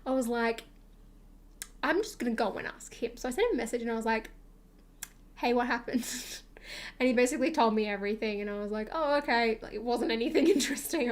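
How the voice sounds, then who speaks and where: Chatty young woman telling a story. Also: a little high. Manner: chatty, rambling with many fillers and acted-out quotes. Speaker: streamer. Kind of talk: casual storytime chat.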